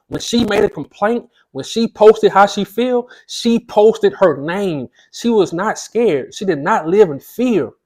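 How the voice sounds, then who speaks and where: A man's voice: high-pitched, darkish tone. A man reading passages aloud and then breaking into impassioned, emphatic commentary full of rhetorical questions. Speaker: commentary channel host.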